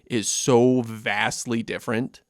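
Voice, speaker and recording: A young adult man co-hosting a podcast in casual chat, relaxed, reading from notes and laughing often. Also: mid-range voice, slow, no room sound, studio quality. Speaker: podcast co-host.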